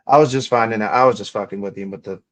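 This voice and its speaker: A man's voice: fairly low pitch, fast, fairly bright tone. A young man hosting a livestream, chatting in a rambling, offhand way full of casual swearing. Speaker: livestream host.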